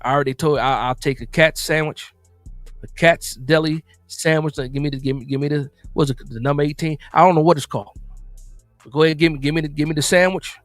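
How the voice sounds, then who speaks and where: A man from New Jersey hosts a live football stream in a relaxed, rambling way, repeating phrases as he answers his chat. His voice sits on the higher side and sounds dry and close. Faint music plays underneath. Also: quick pace, no room sound. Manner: loose, repetitive, reads and answers chat. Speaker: live-stream sports show host.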